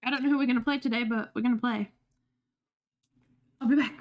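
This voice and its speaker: A woman's voice: on the high side, fairly even intonation, quick pace, muffled recording. A young woman streaming, chatting casually with viewers, talkative and swearing freely with laughing asides. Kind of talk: casual livestream chat.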